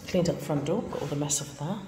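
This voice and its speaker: A woman's voice: sits low, quick pace. Chatty woman in an echoey empty house. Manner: chatty, wry, self-deprecating. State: a little tired. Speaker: vlogger renovating a bungalow. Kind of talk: casual home renovation vlog. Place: empty bungalow under renovation, indoors. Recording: echoey bare rooms with hall reverb and background noise.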